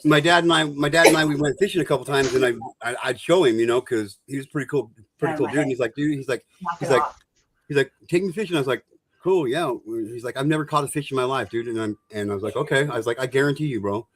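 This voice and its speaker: A man's voice: medium pitch, fast, fairly bright tone. A man in casual group chat, telling a boastful fishing story and swearing freely. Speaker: streamer.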